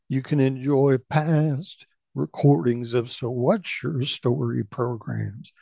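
Middle-aged man, radio storytelling host, gravelly, mellow, dry close sound. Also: medium pitch, no echo. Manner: folksy, conversational storyteller.

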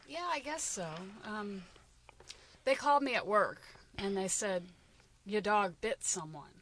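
A woman's voice: medium pitch, unhurried, fairly bright tone, slight background noise. A woman in her forties telling a personal story as a radio show guest, with dry, wry humor.

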